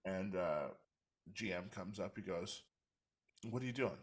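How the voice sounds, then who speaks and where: Laid-back low-voiced man. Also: animated, measured pace, husky. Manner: laid-back, short agreeing interjections. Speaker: podcast co-host. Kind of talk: casual chat.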